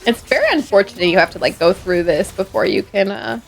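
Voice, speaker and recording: A woman's voice: medium pitch, fairly quick, creaky. A woman streamer, chatting playfully with her viewers, teasing and laughing a lot. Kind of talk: casual live-stream chat while gaming. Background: faint game music.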